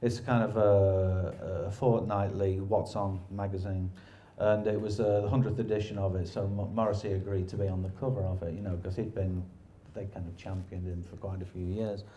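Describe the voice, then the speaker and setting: Man, rambling anecdotes, self-deprecating, mellow dark voice. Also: sits low, little pitch movement, moderate pace, hardly any pauses, dull audio. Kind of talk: casual anecdotal chat.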